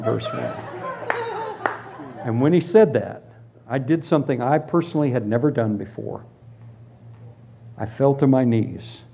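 Animated man preaching his testimony. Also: mid-range voice, gravelly, a little hiss or hum. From Florida, US. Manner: animated storytelling, drops to hushed tones then bursts into shouts. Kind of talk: testimony sermon.

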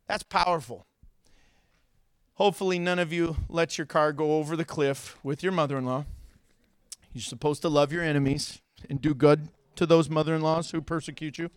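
A man preaching a sermon as pastor, telling stories in an animated way, with loud, high outbursts, and joking and laughing between points. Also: normal speed, smooth, no room sound, clean studio sound. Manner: animated storytelling, gets loud and high acting out scenes.

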